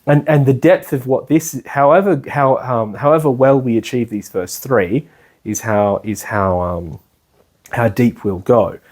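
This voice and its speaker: Husky man teaching meditation. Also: medium pitch, a little slow, darkish tone. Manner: rambling, chatty, laughs while explaining. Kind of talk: casual spoken lecture. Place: indoor class room.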